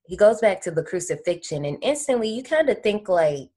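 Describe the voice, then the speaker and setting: A woman's voice: mid-range voice, big pitch swings, brisk, hardly any pauses, dark tone, husky. A woman hosting a podcast, recapping a horror movie in slangy, playful, teasing casual chat. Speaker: podcast host.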